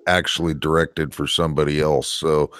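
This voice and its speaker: A man's voice: rumbling low, level tone, normal speed, fairly bright tone, no echo. A man in a casual chat, speaking with dry, wry humor.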